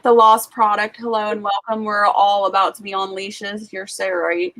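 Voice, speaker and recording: A woman's voice: mid-range voice, level tone, moderate pace, a bit bright. A woman hosting a casual livestream from a rural farm home, telling chatty stories full of "like" and asides. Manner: chatty storyteller, lots of "like". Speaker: livestream host. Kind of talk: casual chat.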